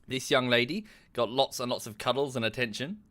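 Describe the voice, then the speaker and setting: A man's voice: mid-range voice, a little fast, fairly bright tone. British guy chatting on stream at home, polite, rambly, lots of ums, mid voice. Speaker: livestreamer. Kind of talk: casual stream chat.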